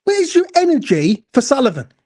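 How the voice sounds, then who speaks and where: A high-voiced man delivers a heated, expletive-filled football fan rant. He hammers his points again and again and keeps demanding agreement from his co-host. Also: wildly swooping pitch, normal speed, mellow. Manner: angry, sweary, repeats "do you know what I'm saying".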